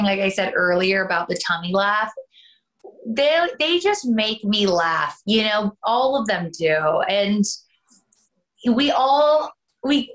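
A woman's voice: medium pitch, fairly bright tone. A Canadian woman, an actress, chatting in an interview, talkative with laughing asides. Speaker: soap opera actress, guest. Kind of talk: casual interview chat.

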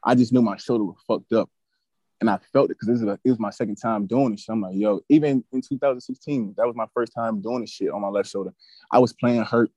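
A young man in his twenties, a podcast guest telling a story in a casual, animated, profane way that turns heated. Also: lowish voice, fast talker, no echo, highs cut off. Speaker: podcast guest, former college football player.

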